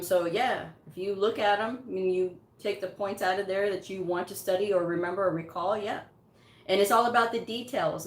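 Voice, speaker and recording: Emphatic woman giving career advice. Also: mid-range voice. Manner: emphatic, repeats points, chuckles often. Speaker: medical coding educator and channel host. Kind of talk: casual live-chat advice. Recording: roomy echo.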